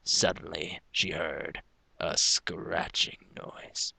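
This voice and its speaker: A man reads a fan story aloud on a home microphone, measured and now and then stumbling over a word. His voice sits a little low yet sounds very bright. The recording is completely dry, with no room sound. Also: little pitch movement, vocal fry, breathy edge, no room sound. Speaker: fan fiction reader. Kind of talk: storytelling narration.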